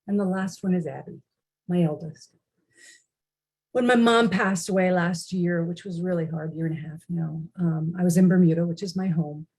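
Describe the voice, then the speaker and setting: A woman's voice: lowish voice, dark tone, husky, poor audio. A middle-aged woman speaking as a recovery speaker, telling personal stories in an earnest, candid way. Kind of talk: personal storytelling talk.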